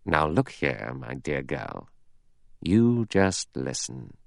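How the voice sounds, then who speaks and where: A man's voice: low voice, lively intonation, moderate pace, fairly bright tone, dry recording, clean studio sound. A man voicing a cynical, menacing adventurer who speaks in a sneering, clipped way.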